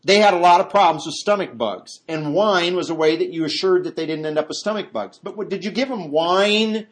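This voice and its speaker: A man's voice: high-pitched, a little fast. A man preaching a verse-by-verse Bible study, talking conversationally and jumping his voice up to act out quotes. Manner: animated, acts out quotes in a raised voice; conversational asides and restarts. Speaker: pastor.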